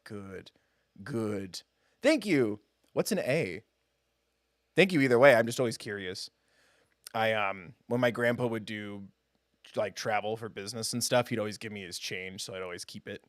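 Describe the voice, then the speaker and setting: A man's voice: lowish voice, normal speed, dry recording. Chatty, self-deprecating male streamer. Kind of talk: casual live-stream chat.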